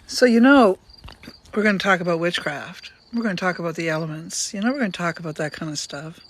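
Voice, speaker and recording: A woman's voice: fairly low pitch, quick pace. An older woman hosting a casual live stream outdoors, chatting to viewers, greeting them by name and repeating her questions. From Canada. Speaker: livestream host. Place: outdoors on a sunny day. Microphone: phone.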